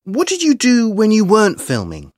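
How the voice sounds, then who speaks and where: An interviewer asking an actress questions in a lively, clear way. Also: medium pitch, moderate pace, dry recording, studio quality.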